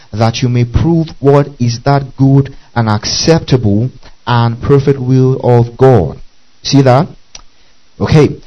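A man's voice: mid-range voice, highs cut off. A man teaching a Bible study, spelling out Greek words letter by letter and checking in often with his listeners.

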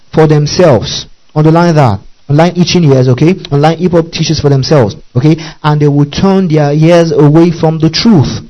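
A man preaching a sermon as a pastor, reading scripture slowly and deliberately and checking in with the congregation again and again. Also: on the high side, mellow. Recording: dull lo-fi recording.

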